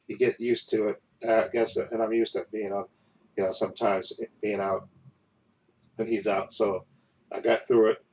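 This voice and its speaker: A man's voice: lowish voice, darkish tone, recorded from a distance, rough recording. A man chatting rambly about his work week, full of fillers and restarts, a bit off-mic. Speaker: vlogger. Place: in bed at home.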